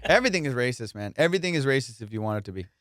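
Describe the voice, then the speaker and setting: A man's voice: mid-range voice, lively intonation, very fast, a bit bright, no room sound, clean studio sound. A male comedian hosting a podcast, rambling and swearing in casual comedic banter, slipping into silly voices.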